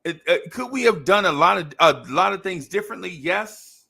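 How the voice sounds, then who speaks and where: A man hosting a casual sports podcast, talking in an animated way, repeating phrases and laughing often. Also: high voice, normal speed, gravelly. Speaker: podcast host.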